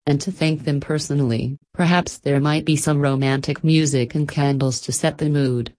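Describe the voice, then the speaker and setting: An old man near the end of his life, a warm-hearted artist saying gentle, heartfelt goodbyes, read by a woman. The voice is low and soft. It belongs to a quiet storybook. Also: fairly even intonation, moderate pace, lightly acted. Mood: tender. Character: dying old male artist, loving and grateful.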